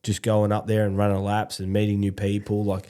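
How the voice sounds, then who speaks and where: A man's voice: on the low side, monotone, a little fast, dark tone, smooth. A man hosting a podcast, asking chatty, rambling questions and laughing easily. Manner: chatty, laughs often, loose questions with restarts. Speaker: podcast host. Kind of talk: casual podcast interview. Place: podcast studio.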